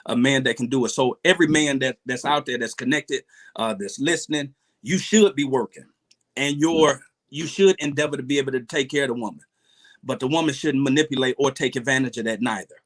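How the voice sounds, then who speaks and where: Earnest halting man giving advice. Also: medium pitch, fairly bright tone. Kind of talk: casual livestream chat.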